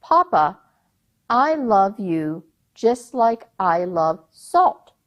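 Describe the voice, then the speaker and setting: An honest, earnest young princess who answers her father plainly and slowly, as a woman storyteller voices her. She sounds sincere and steady. She is a character in a told folk tale. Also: a little high, full character voice. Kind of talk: oral storytelling.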